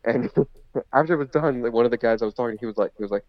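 A man's voice: medium pitch, very fast, no room sound. Rambling man telling a wrestling story. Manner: rambling, many fillers and restarts. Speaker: podcast guest, former indie wrestler. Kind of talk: casual storytelling. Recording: slightly muffled lo-fi audio.

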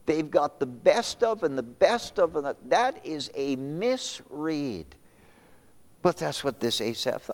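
A man's voice: on the high side, big pitch swings, slow pace, long reverb tail. A male pastor preaching a sermon, swinging between raised emphasis and sudden whispers, often repeating words as he restarts.

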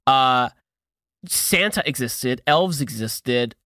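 Bright-voiced man in casual chat. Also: mid-range voice, slow pace, no echo, clean studio sound. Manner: rambling, animated, laughs often. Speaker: podcast co-host.

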